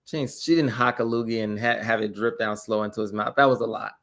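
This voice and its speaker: A man co-hosting a podcast in casual chat, giving candid, measured opinions with a chuckle. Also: on the low side, fairly even intonation, gravelly, fairly bright tone. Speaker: podcast co-host.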